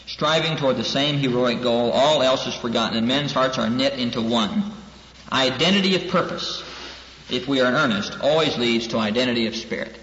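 A male minister teaches a class in an earnest preaching style, repeating key lines for emphasis. His mid-range voice is brisk and a bit bright, recorded in a dull, echoey hall with faint hiss.

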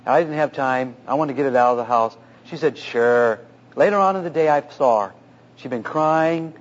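A pastor with a slightly high voice preaches a little fast and earnestly, animatedly retelling a personal story about marriage. The recording is dull and lo-fi.

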